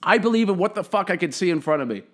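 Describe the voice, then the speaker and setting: A man's voice: high-pitched, animated, racing. A man hosting his own comedy podcast alone, delivering a profane, opinionated monologue into a podcast microphone. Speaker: podcast host.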